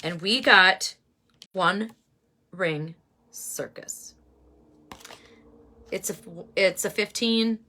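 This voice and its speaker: A woman giving a casual oracle card reading, musing and halting with many fillers. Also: medium pitch, bright, forceful tone.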